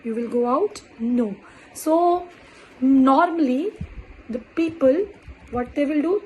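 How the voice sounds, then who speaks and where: A woman teaching French in an online lesson, speaking deliberately and repeating words with many fillers. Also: high-pitched, dark tone, a little hiss or hum, poor audio.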